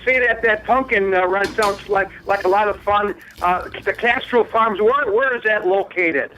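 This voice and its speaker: A man calling in to a radio show, brief and quick with his question. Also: high-pitched, sharp tone. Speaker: caller. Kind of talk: phone-in call. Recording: muffled phone line with faint hiss.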